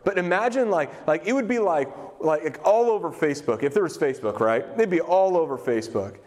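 A young male pastor gives a relaxed, talky sermon with a fairly high voice. He drifts into jokes and asides and fills gaps with ums and likes. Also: brisk. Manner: chatty, loose and joking, with many fillers. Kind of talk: casual conversational sermon.

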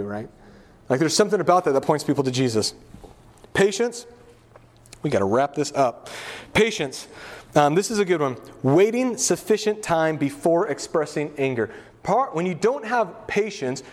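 A middle-aged male pastor preaching a casual, conversational sermon, full of asides, fillers and family stories. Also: fairly high pitch.

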